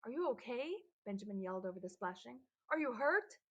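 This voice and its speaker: A weary young camp counselor with a drawl speaks with plain, practical concern, as a woman reads him aloud. His voice is gravelly and a little husky. He sounds like a character from an audiobook. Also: mid-range voice, a little fast. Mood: worried.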